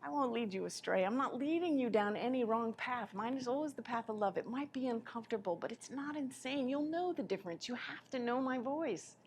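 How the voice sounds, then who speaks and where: A woman giving a live spiritual lecture in an impassioned way, her voice swinging between soft, quiet passages and sudden loud ones. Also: fairly high pitch, lively intonation, brisk, hardly any pauses, slight background noise.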